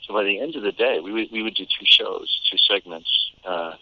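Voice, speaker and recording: A man's voice: lowish voice, brisk. An American man, a voice actor, chatting and telling stories in an interview, laughing often and restarting his sentences. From United States. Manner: animated storyteller, laughs often, frequent restarts. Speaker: voice actor guest. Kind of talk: casual interview chat. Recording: tinny phone-like line.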